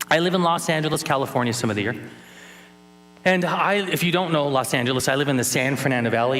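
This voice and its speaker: A man's voice: mid-range voice, fairly bright tone, a little hiss or hum. A man in his thirties giving a playful keynote at a conference, teaching sign language and joking with the audience. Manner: playful, teasing, jokes with the crowd. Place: large conference hall.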